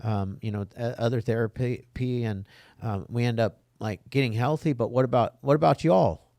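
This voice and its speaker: A man's voice: mid-range voice, creaky, mellow, dry recording. A man, hosting a recovery podcast and talking casually, restarting and repeating words as he goes. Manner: halting, repeats words, says "y'all".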